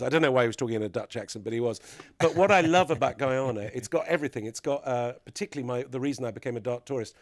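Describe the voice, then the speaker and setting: A man's voice: mid-range voice, very fast, dry recording, clean studio sound. A middle-aged man, a podcast guest, telling mischievous stories in casual chat and laughing often.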